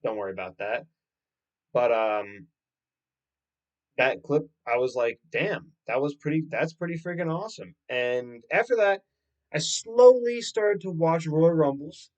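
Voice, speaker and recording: A man's voice: on the high side, a little slow. Young man rambling casually on his podcast. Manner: rambling, animated, swears casually. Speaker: podcast host. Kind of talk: casual solo podcast storytelling.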